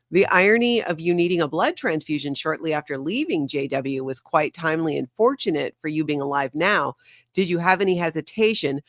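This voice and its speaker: A woman's voice: lowish voice, no echo, studio quality. A woman hosting an interview, reading a viewer question aloud in a playful manner. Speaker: host.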